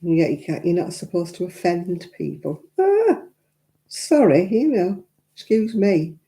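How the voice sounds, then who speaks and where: Chatty English woman with a dark voice. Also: on the low side. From England. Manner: chatty, frank, quick to laugh, answering viewers' comments. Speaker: crafting livestream host. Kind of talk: chatty livestream talk.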